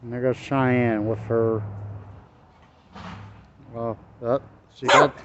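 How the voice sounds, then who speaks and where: A man's voice: mid-range voice, measured pace, pauses often. Man, fond dog owner, coaxing pet talk, home video with muffled sound. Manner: coaxing, talking sweetly to his dogs. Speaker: dog owner filming his pets. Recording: dull lo-fi camera audio with faint noise.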